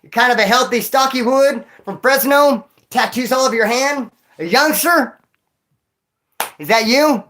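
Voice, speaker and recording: A former prisoner streams casually, reading chat, telling stories in slang, and talking straight to one viewer. His voice is extremely high-pitched, bright, and forceful, delivered at a measured pace.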